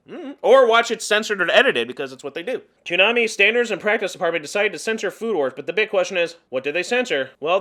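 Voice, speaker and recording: A man vlogging casual, sarcastic commentary about anime, animated and quick to laugh. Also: sits high.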